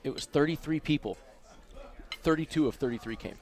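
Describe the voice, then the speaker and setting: A man from Las Vegas telling lively anecdotes as a dinner guest, acting out the people he quotes, in a casino restaurant. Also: on the high side, brisk. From Las Vegas, USA. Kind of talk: casual storytelling over dinner.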